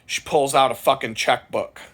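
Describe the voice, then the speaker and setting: A man telling a rambling, profane story in a casual vlog. He gets louder and higher as it builds. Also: fairly even intonation, normal speed. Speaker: vlogger.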